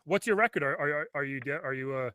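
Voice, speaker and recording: Podcast host guy, bright punchy voice, laughs a lot, dry call audio. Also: fairly high pitch, fast talker, dry recording. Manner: laughs often, plays along. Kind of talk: casual comedic interview. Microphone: video call.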